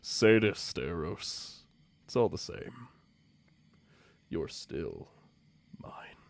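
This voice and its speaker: A man voicing a tall, smug male creature who flirts and teases with a loud, laughing voice. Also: sits low, sing-song, extremely slow, creaky, no echo, voice pushed down, exaggerated voice. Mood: seductive.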